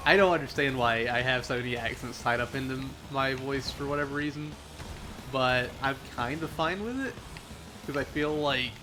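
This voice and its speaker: A man's voice: medium pitch, moderate pace, noisy background. A man from the Southern United States chatting casually on a gaming livestream, rambling, answering chat and laughing often.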